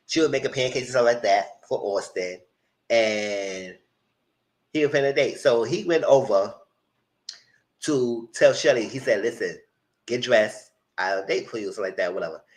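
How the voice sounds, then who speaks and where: A man giving a casual, animated live recap of a reality show, full of quoted asides. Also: medium pitch, moderate pace, rough recording.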